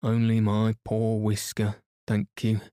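A man voicing a small, gruff sand fairy who speaks courteously and briefly in a bedtime storybook reading. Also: on the low side, completely flat delivery, takes it slowly, warm tone, no room sound, clean studio sound. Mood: polite.

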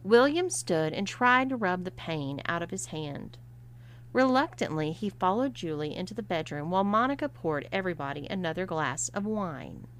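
A woman narrating a story, reading expressively and at a measured pace. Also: lowish voice, expressive.

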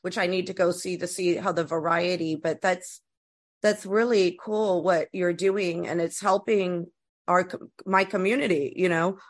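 A woman with an East Coast accent hosting a podcast, chatting in an excitable, rambling way. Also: lowish voice, a little slow. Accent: East Coast American. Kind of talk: casual podcast chat.

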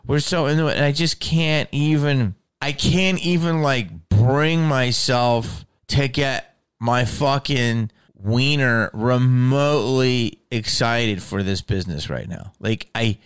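A man's voice: medium pitch, slow, clear, resonant tone. A man ranting in a casual, profane chat, often restarting his sentences as a podcast host.

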